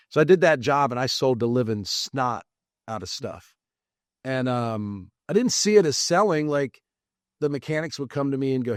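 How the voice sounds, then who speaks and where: A man telling his career story as a podcast guest, lively and acting out the quoted dialogue. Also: mid-range voice, a little fast, no echo, clean studio sound. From United States. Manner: animated, acts out quoted dialogue. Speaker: podcast guest, real estate investor. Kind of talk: casual storytelling interview.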